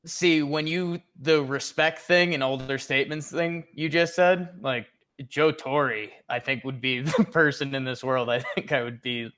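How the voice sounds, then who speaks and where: A man's voice: mid-range voice, measured pace, fairly bright tone. A young man co-hosting a casual sports podcast, rambling and joking with frequent laughs. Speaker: podcast co-host.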